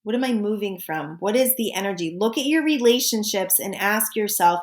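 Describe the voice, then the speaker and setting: Woman in her forties, solo podcast host and coach, casual and chatty, jumps up high for emphasis. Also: normal speed, few pauses. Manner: animated, with sudden high exclamations and asides.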